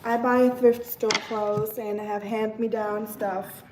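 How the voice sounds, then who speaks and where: Heavy background noise surrounds this German woman as she cooks at home and chats casually, in a rambling way, with her live-stream viewers and their chat messages. She has a German accent and a mid-range voice, speaking slowly in a level tone.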